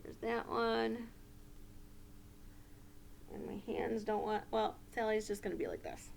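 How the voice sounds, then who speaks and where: A woman teacher running a puppet lesson for young children, gentle and coaching. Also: on the high side, a little slow, vocal fry, a little hiss or hum.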